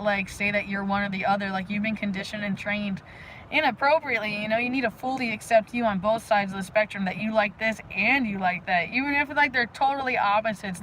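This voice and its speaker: A woman hosting a casual live stream outdoors, talking energetically and rambling to her viewers with lots of fillers and sudden loud bursts. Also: mid-range voice, a little hiss or hum, rough recording. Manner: frequent "like" fillers. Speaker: livestream host. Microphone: phone live stream.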